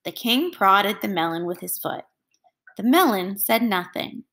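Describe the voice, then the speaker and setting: A woman teacher reading a storybook aloud to children in a clear, expressive voice. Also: medium pitch, measured pace.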